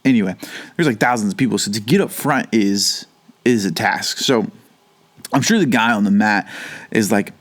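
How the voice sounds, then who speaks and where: A male pastor giving a relaxed, conversational Bible teaching from his home basement. His voice sits on the lower side, and his talk wanders into chatty asides and self-corrections. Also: normal speed, long pauses. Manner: rambling, chatty, with frequent asides.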